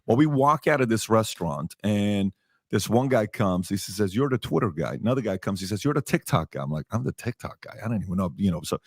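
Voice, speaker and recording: This is a clip played from a podcast, with a dry, clean studio sound. The male host has a fairly low, husky voice and talks animatedly and fairly quickly, ranting through a story with emphatic, repeated points while acting out the people he quotes.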